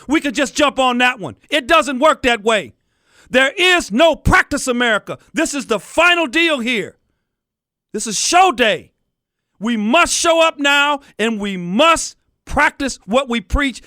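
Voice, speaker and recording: Fired-up male radio host, high and bright, clean dry studio sound, angry monologue. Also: clean tone, no echo. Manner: angry, fired-up ranting, addresses listeners as folks. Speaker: radio talk show host.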